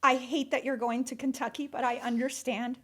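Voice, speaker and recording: A woman's voice: high voice, level tone, brisk, a bit bright. A woman in her forties hosting a podcast, talking earnestly and emphatically straight to her listeners. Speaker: podcast host. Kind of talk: heartfelt solo podcast monologue. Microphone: studio microphone.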